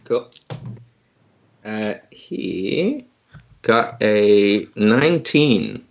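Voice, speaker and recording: Playful male game master, low voice. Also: expressive, drawn-out words, dull audio. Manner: playful, laughing, voices creatures in short bursts. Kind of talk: narrating a tabletop game.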